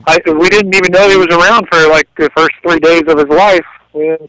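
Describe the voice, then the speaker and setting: A man's voice: on the high side, fairly even intonation, brisk, a bit bright, dry recording. Self-mocking man on a tinny phone line. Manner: rambling, self-deprecating. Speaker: regular phone caller. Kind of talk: casual chat over the phone.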